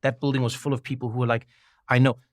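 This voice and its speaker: A man spins a story as a guest in a sit-down interview, animated and quick to laugh, tripping over his own restarts as the tale builds. His voice sits at a middling pitch, and the sound is close and dry with no room around it. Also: no echo. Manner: animated, laughs often, repeats and restarts when excited.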